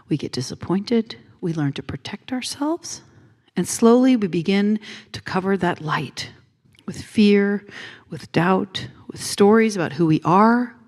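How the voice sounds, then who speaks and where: A woman minister giving a gentle, intimate sermon on a handheld mic in a church, with soft hushed phrases. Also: mid-range voice. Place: church sanctuary.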